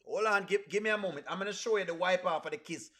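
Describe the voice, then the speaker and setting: A man with a Jamaican accent talks through a live reaction stream in a high voice. His tone is bright and ringing, and he is animated, slipping in and out of patois. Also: fast. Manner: animated, mixes patois with standard English.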